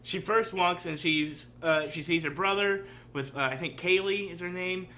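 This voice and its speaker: A man's voice: high-pitched, moderate pace, bright, forceful tone, a little hiss or hum. A man hosting a casual reaction show who rambles through his commentary with many fillers. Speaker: show host.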